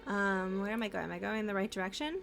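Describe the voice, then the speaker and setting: A woman's voice: medium pitch, expressive, fast, vocal fry, a bit bright, faint music behind. A young woman casually chatting as she streams a video game, playful and talkative. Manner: chatty, playful, talks to chat and pets. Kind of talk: casual gameplay commentary.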